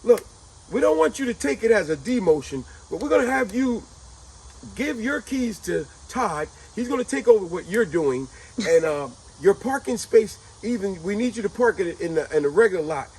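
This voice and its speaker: Guy doing a personnel officer, calm and firm, kinda loud. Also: high-pitched, moderate pace, breathy edge, voice pushed up, full character voice, rough recording. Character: smooth male personnel officer on a prank call.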